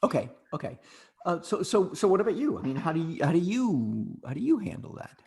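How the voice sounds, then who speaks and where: A man's voice: high-pitched, big pitch swings, a little fast, gravelly, warm tone. A middle-aged man co-hosting a podcast over a video call, talking things over reflectively and often repeating words while he thinks. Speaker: podcast co-host.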